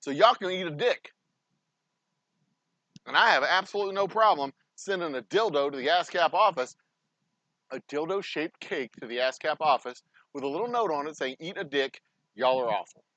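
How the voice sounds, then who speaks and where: A man's voice: a little high, lively intonation, moderate pace, sharp tone, no room sound, highs cut off. Profane, ranting man. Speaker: distillery owner. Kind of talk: casual behind-the-scenes vlog talk.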